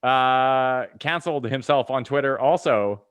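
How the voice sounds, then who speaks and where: A man's voice: mid-range voice, a little slow, fairly bright tone, clean tone. A man co-hosting a podcast in loose, profane banter who laughs often and switches topics easily. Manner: swears a lot, laughs often. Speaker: podcast co-host.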